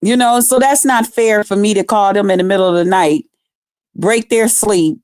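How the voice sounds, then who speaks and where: A woman hosting a live stream, ranting in a blunt, profane, mocking way with drawn-out emphasis. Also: mid-range voice, a little mellow, dry recording, studio quality.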